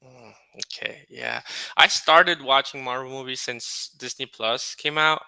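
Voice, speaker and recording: Male tutor, casual video-call chat, hesitant, smooth bright tone, dry close sound. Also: medium pitch, a little slow, no echo. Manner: hesitant, with many fillers. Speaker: English conversation tutor.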